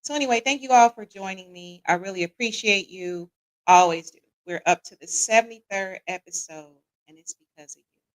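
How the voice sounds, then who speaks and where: Brisk and mid-range, the voice belongs to an American woman running a chatty relationship talk show streamed live. She greets viewers by name, tacks "right?" onto her lines again and again, and says "y'all" in a casual, Southern-leaning way. Audio is poor.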